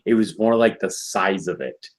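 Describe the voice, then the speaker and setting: A man's voice: sits low, expressive, moderate pace, rough recording. A man on a casual review podcast, talking in a laid-back, hesitant way with lots of fillers. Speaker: podcast co-host reviewing a cartoon episode. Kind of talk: casual chat.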